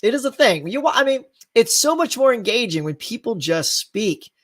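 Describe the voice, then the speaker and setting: A man hosting a casual live stream, rambling and animated and reading viewer comments. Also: very high voice, normal speed, dry recording, clean studio sound. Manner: rambling, animated, laughs between thoughts. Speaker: live show host.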